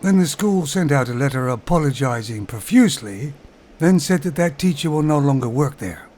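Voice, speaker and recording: A man's voice: medium pitch, lively intonation, moderate pace, a little mellow. A man with an English accent giving a sarcastic, ranting monologue to his viewers, chuckling at his own remarks. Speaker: vlogger. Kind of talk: opinionated monologue.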